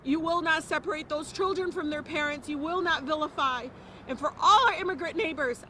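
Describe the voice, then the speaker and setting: A woman politician gives an impassioned, emphatic speech at a press conference, repeating phrases for stress and coming close to tears at times. Her voice sits high, fairly quick and sharp in tone.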